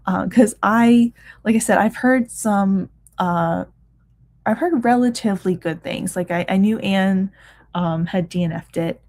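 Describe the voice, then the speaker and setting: A woman in her thirties with a mid-range, slightly dark voice hosts a reading sprint livestream, chatting casually and reading out comments. She sounds tired and yawns, laughing often while her talk is full of ums and restarts.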